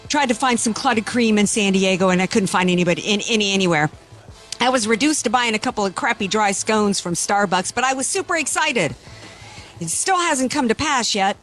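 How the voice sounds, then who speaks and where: Woman radio talk host, emphatic, repetitive, mid pitch, faint music bed. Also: lively intonation, fairly quick, fairly bright tone. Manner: emphatic, repetitive phrasing with restarts.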